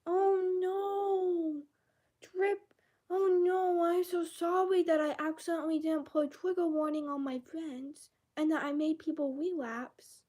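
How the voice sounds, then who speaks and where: A woman putting on a high, whiny voice to mock a self-pitying young woman. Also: flat delivery, a little slow, warm tone. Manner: mocking, exaggerated whimper.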